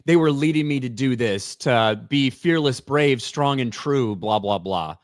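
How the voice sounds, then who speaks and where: A man's voice: medium pitch, expressive, measured pace, no room sound, studio quality. A man co-hosting a casual talk show, breaking in with sarcastic remarks. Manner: sarcastic interjections.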